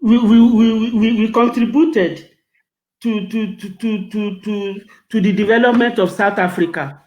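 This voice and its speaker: A man's voice: high voice, fairly even intonation, a little slow, darkish tone, poor audio. An older man, answering an interview with emotion and often repeating words when stirred. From Nigeria. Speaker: guest.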